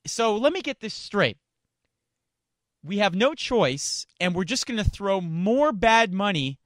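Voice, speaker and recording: A man's voice: sits high, a bit bright, no room sound, clean studio sound. A man hosting a sports radio show, ranting with indignation and stumbling over repeated words. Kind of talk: heated sports talk radio rant. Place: radio studio. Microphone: studio microphone.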